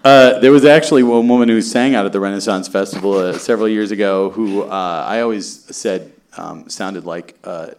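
A man playing along as a contestant on a comedy podcast, joking and quick to laugh. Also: on the low side, a little mellow. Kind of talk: casual comedy podcast banter.

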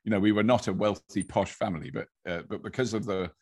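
An English man chatting as a podcast guest, a lively storyteller who restarts sentences and laughs as he goes. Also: lowish voice, quick pace, slightly rough. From England. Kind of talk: casual conversation.

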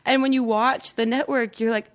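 A woman's voice: on the high side, steady tone, normal speed. A young woman from South Jersey, chatting casually as a guest with a self-deprecating manner and frequent laughs. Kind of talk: casual chat.

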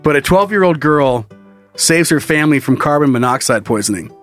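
A man's voice: on the high side, animated, a bit bright, soft background music. Loose, profane man co-hosting a podcast. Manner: loose and profane, laughing often, quick bursts of story. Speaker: podcast co-host. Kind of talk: casual comedic chat.

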